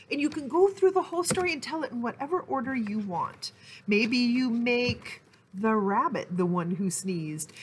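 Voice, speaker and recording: A woman's voice: fairly high pitch, a little hiss or hum. Sing-song woman leading toddler storytime. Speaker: children's librarian. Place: library.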